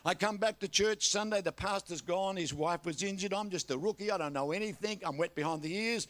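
An older Australian man preaching a sermon, telling a story with lively energy and often calling out to the congregation. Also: high voice, brisk. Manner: animated storytelling with repeated audience call-outs.

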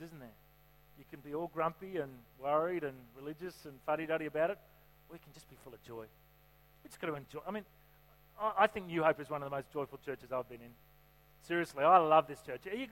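A man's voice: fairly high pitch, fast talker, fairly bright tone. A man preaching a sermon in a church, chatty and joking, often asking the congregation questions. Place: church hall. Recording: reverberant hall with mains hum.

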